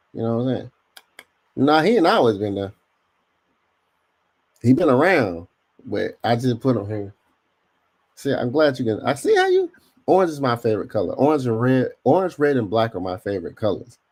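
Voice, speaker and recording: A man's voice: medium pitch, vocal fry. A man hosting a casual podcast livestream, talking in slang and speaking straight to his chat. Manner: slangy, animated, addresses chat directly. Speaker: podcast host.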